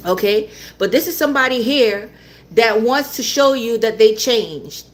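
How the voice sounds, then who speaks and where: A woman with a fairly high, expressive voice does a tarot reading at an unhurried pace. She's blunt and repetitive, swears now and then, and laughs often.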